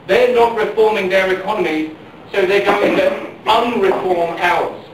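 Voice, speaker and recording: A man's voice: sits high, unhurried. A middle-aged man giving an impassioned political speech at a public forum, repeating questions and phrases for emphasis. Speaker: campaign speaker at a public forum. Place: large public hall during a power failure. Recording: very echoey hall, picked up from far off, faint noise.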